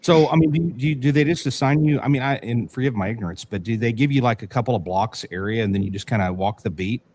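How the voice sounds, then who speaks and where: A man in his fifties, a longtime police officer hosting a podcast, asking quick, halting questions full of restarts in a casual interview. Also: medium pitch, a little mellow, slightly rough.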